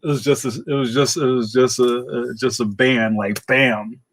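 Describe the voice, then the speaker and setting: A man with a New York accent hosting a casual livestream, chatting and reacting in an animated, slangy way. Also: normal speed, background noise. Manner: animated, slangy, jumps up in pitch when excited. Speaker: livestream host. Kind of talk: casual chat reading viewer comments.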